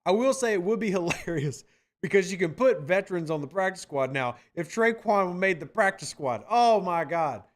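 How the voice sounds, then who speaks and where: New guy hosting a livestream pod, pretty high voice, animated, teasing his chat. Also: moderate pace. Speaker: podcast host reading chat. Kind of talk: casual livestream podcast chat.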